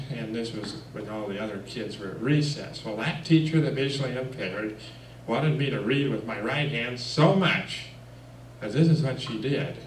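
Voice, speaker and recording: A man telling lively personal anecdotes at a church, with chuckles and fillers. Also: medium pitch, slight background noise. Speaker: guest speaker. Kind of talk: personal storytelling talk. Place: church hall. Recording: echoey room, mic far off.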